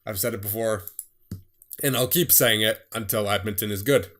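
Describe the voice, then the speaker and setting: A young man giving casual commentary on a sports management game, reading scores in quick bursts and laughing at himself. His voice is getting tired. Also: fairly low pitch, fairly bright tone. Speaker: gaming streamer.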